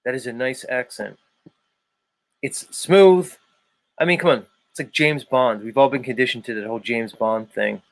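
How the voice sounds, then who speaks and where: Playful South Philly man hosting live. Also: dry recording. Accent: South Philadelphia. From United States. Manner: playful, shifting pitch and volume, drawn-out words. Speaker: live show host. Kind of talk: casual live-stream chat greeting viewers.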